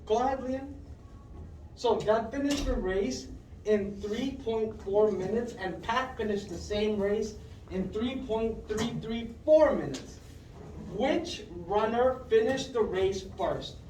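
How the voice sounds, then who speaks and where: A classroom teacher leading a math lesson, patiently repeating questions, checking with "right?", and calling on pupils by name with quick praise. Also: mid-range voice, animated, a little mellow, a little hiss or hum. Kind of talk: fifth-grade math lesson. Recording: roomy classroom heard from a distance.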